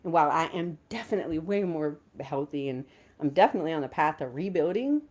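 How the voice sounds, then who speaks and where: A woman, hosting a casual livestream, chatting with viewers and greeting them with bursts of excitement. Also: sits low, quick pace. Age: 50s. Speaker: livestream host.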